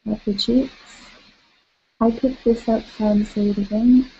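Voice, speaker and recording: A woman leading a guided tapping session, calling out tapping points and gently coaching listeners through spoken affirmations. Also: fairly high pitch, fairly even intonation, measured pace, gravelly, husky, lo-fi sound.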